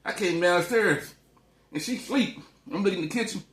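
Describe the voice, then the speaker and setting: A man's voice: sits high, moderate pace, a bit bright. A man chats and eats on camera, rambling through stories with plenty of cursing. His voice sits a little above the usual male range. The room gives everything a noticeable echo. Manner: profane, loose and rambling. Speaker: vlogger. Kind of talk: casual storytelling while eating on camera. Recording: echoey room.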